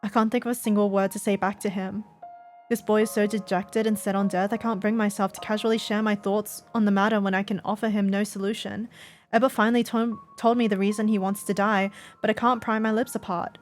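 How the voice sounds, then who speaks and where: A woman reads a visual novel aloud on a live stream, narrating steadily and at times breaking into loud, laughing outcries. Her voice sits at middle pitch. Faint game music plays behind her. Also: level tone, brisk.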